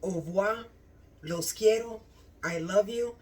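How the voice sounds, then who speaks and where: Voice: mid-range voice, slow, recorded from a distance. Gushing home cook in a kitchen. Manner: gushing, enthusiastic about the food. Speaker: home cooking channel host. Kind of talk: casual cooking vlog.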